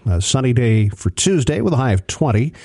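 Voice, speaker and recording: Gravelly male weather forecaster. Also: mid-range voice, sing-song, fairly quick, darkish tone, no room sound, studio quality. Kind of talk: reading a radio weather forecast.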